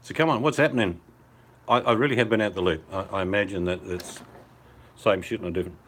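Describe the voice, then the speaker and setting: A man's voice: deep voice, fast, fairly bright tone. An older man with an Australian accent, chatting casually on a video call at home in laid-back, rambling, blokey banter. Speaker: hangout participant. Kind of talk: casual chat. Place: at home by a fireplace. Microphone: video call on a phone over mobile data.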